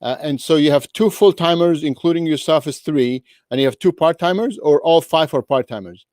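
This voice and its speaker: A man's voice: fairly high pitch, a little fast, a little mellow, no echo, clean studio sound. A man interviewing a guest in a casual way over a video call, friendly and often closing with tag questions.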